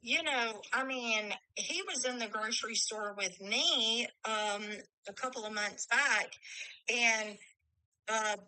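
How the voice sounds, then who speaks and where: A woman's voice: on the high side, slow pace, sharp tone, clear, resonant tone, no echo, poor audio. A middle-aged woman telling stories bluntly in casual conversation. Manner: blunt, storytelling with quoted dialogue.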